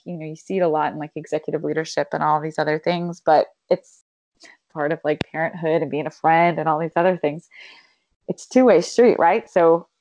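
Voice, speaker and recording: A woman's voice: fairly low pitch, a little mellow, no room sound, highs cut off. A woman in her thirties in casual chat as a co-host, reflective, explaining with examples and swearing casually.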